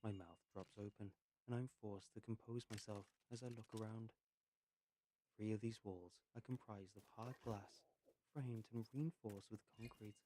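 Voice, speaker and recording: A man reads a story aloud in a low, mellow voice, unhurried and pausing between phrases. Between passages he mutters quick asides to himself. A faint hiss sits under the recording. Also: fairly even intonation. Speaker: narrator. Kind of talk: reading a story aloud while playing a game.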